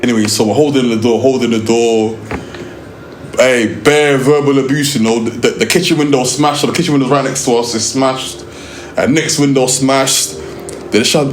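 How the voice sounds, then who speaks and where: A man's voice: medium pitch, moderate pace, echoey room, slight background noise. Young London man telling a story. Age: young adult. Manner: lively, slang-heavy, restarts often. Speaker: music video director. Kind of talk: storytelling interview.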